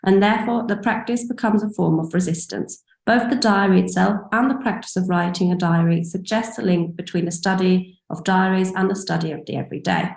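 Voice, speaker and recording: Woman, formal academic paper reading, steady delivery, roomy echo. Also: mid-range voice, brisk, gravelly, hardly any pauses. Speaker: academic speaker.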